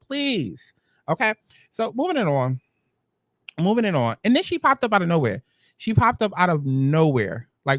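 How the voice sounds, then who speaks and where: A high-pitched man delivers a sassy, dramatic reality-show recap, mocking the cast as he goes. His voice is close and dry with no room sound. The delivery is casual and gossipy. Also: dry recording.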